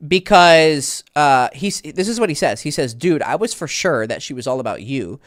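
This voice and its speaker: A man's voice: medium pitch, dry recording, studio quality. A man in his thirties, a dating coach, telling a story in a rambling, profane way and often correcting himself. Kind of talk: casual storytelling.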